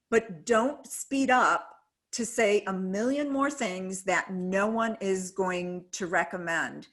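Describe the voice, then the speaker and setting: A woman on a video call giving earnest, emphatic coaching on public speaking. Her voice sits at a middle pitch, and her delivery is encouraging. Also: fairly bright tone. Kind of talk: webinar advice talk.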